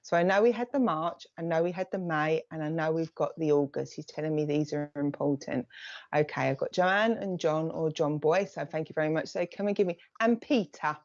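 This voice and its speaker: A woman medium talking on a live stream, chatty and running from one message to the next. Her voice sits a little low, and the sound is dull and lo-fi, as in a budget stream. The room is dry, with no echo. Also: brisk. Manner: chatty, relays messages in bursts, thanks viewers by name. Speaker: psychic medium giving live readings. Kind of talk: live-stream reading to viewers.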